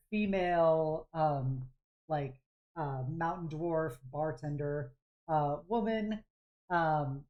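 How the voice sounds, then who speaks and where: A woman's voice: sits low, muffled recording. A woman game master narrating a tabletop game, describing scenes in a rambling way full of fillers.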